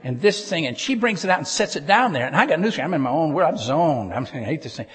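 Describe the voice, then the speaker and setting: A man preaching a humorous storytelling sermon, getting loud and excited and throwing jokey asides to a live audience in church. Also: fairly high pitch, fast, husky. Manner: animated, gets loud and excited telling the story.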